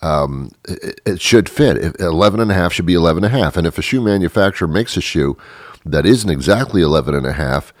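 A deep-voiced man hosts a comedy show, rambling fast and animated through a deadpan monologue that keeps interrupting itself. The recording is dry.

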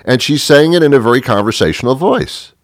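A man's voice: medium pitch, animated, fairly quick, dry recording. A man, a radio host, delivering a rambling, sarcastic, exasperated comic monologue into a close studio mic. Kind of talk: comedic monologue.

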